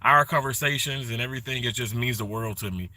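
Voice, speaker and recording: A middle-aged man chatting casually on a live stream, greeting viewers by name and rambling warmly. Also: medium pitch, fast. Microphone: phone held vertically.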